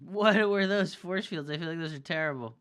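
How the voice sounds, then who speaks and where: A man streaming and co-casting a match in loose, casual commentary, swearing freely and getting excitable. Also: a little high, fairly quick, clear, resonant tone.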